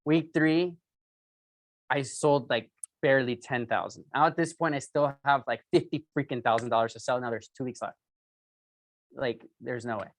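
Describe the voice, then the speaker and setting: A man giving a motivational sales training talk, telling an excitable story full of fillers and acting out both sides of a phone call. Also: medium pitch, normal speed, no room sound. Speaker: sales speaker coaching a sales team.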